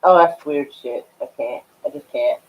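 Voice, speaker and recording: A woman's voice: sits low, moderate pace, crowd noise. A woman hosting a casual livestream chat, giving wry reactions and swearing casually. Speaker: streamer host. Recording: dull, echoey, distant mic.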